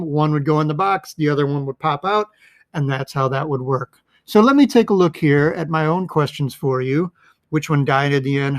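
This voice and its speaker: A man talks through a movie's twists in a relaxed, rambling explainer style, with plenty of ums and uhs. His voice sits a little on the high side. The sound is close and dry with no room around it. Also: no room sound. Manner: rambling, chatty, many fillers. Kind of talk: casual film breakdown.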